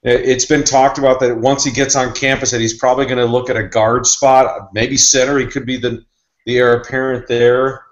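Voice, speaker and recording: A man's voice: medium pitch, level tone, fairly quick, roomy sound, rough recording. A man who reports on sports recruiting, talking in a loose, rambling, conversational way. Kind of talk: casual podcast chat.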